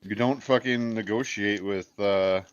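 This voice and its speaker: A man's voice: lowish voice, fairly even intonation, a little slow, clear, resonant tone, muffled recording. A man in a casual chat, speaking emphatically and swearing.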